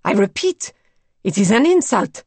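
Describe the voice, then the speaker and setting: Woman voicing a proud ironic man, scornful, loud, gravelly, dry close sound. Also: mid-range voice, sing-song, measured pace, no room sound, exaggerated voice.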